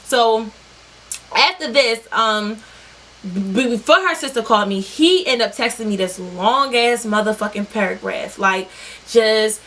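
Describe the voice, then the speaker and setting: Young female vlogger, fairly high voice, lively and profane, addressing viewers directly. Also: measured pace. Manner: animated, profane, talking straight to viewers. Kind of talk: storytime vlog.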